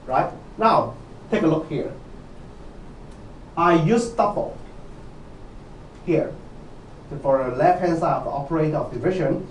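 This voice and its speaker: A man's voice: a little high, a little mellow, a little hiss or hum. A man lecturing on programming, who often checks with "okay?" and quizzes his students. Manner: repetitive, asks students questions, many "okay"s. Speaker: university lecturer. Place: lecture hall. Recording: echoey lecture hall, mic at a distance.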